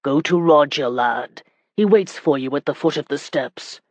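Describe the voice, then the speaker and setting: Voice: mid-range voice, moderate pace, dry recording, natural voice. Brief: narrator as a stern, commanding medieval knight lord for an audiobook; firm orders, dry close sound. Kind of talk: audiobook character reading.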